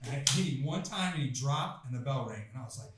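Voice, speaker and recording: A man in his twenties, a guest on a podcast, tells a story in a casual, profane, animated way and acts out the quoted lines. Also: mid-range voice, quick pace, a loud crowd. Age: 20s. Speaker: podcast guest, pro MMA fighter. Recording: roomy room, faint noise.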